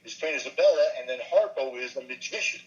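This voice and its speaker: An older man, a voice actor, chatting in an interview and telling animated stories, now and then dropping into quick impressions. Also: mid-range voice, highs cut off. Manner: animated storyteller, slips briefly into impressions. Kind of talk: casual interview chat.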